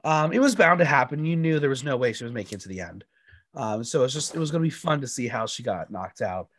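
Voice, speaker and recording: A man hosting a podcast, hoarse from allergies, chatting in a casual and animated way. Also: medium pitch, fast, no echo. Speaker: podcast host.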